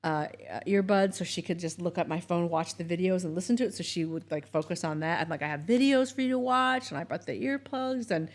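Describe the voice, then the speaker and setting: A middle-aged woman co-hosting a casual chat show, telling a family story in an animated way and acting out the voices with laughs. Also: on the low side, brisk, hardly any pauses. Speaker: co-host, mother of the other host.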